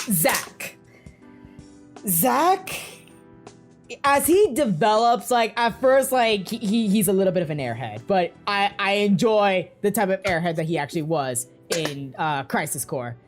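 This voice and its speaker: A woman's voice: mid-range voice, sing-song, a little slow, soft background music. A woman co-hosting a casual fan discussion, talking in an emotional, gushing way and rambling with lots of fillers. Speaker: podcast co-host.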